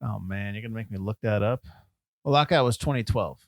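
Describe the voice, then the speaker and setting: A man co-hosting a film podcast, rambling and breaking off his own sentences, quick to laugh. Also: lowish voice, no room sound, clean studio sound. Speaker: podcast co-host. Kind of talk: casual chat about a film.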